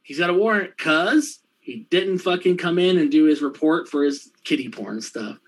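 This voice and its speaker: A man with a fairly high voice tells a story in casual chat. He swears freely, laughs between lines and voices everyone in it himself. His delivery runs quick and rambling, full of fillers. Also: lively intonation, slightly rough, rough recording. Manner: profane, laughing anecdotes with quoted dialogue. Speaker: storyteller in a conversation.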